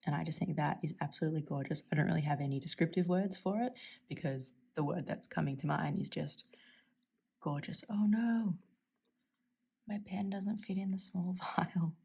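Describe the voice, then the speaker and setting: Australian woman host, casual chat, husky and mellow, enthusiastic with soft murmured asides. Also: low-pitched, normal speed. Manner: chatty, enthusiastic, often drops to a soft near-whisper. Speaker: stationery channel host. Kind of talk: casual chat while swatching inks.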